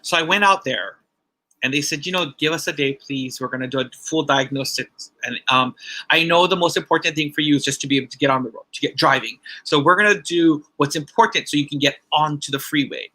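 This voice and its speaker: At a church ceremony, a man shares a personal testimony, telling his story with repeated phrases and acted-out quotes. His voice is a little high and sharp in tone, and he speaks a little fast.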